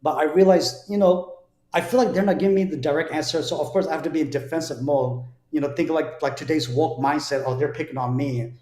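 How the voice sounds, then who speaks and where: A guest from New Jersey tells his conversion story in a fairly high, slightly mellow voice, talking fast. He's earnest and conversational, often repeating words as he restarts, and the room gives a roomy echo.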